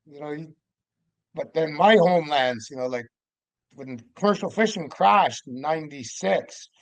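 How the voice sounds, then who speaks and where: An older man from Vancouver Island, Canada, a podcast guest telling his stories in a lively way and acting out the dialogue. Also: on the high side, measured pace, no room sound. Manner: lively storyteller who acts out the dialogue. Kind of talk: casual storytelling.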